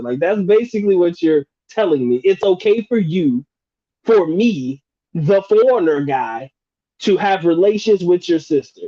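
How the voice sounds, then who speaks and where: A man's voice: high voice, lively intonation, a little slow, no room sound, lo-fi sound. A man hosting a live Q&A stream, reading out chat questions in a casual, joking, slangy way with frequent laughs. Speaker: livestream host answering chat questions.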